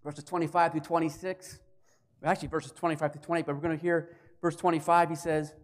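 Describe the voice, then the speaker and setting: A man with a notably high voice preaches a sermon. He explains scripture in an animated way, now and then slipping into acted voices to drive a point home. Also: fairly quick. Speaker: pastor.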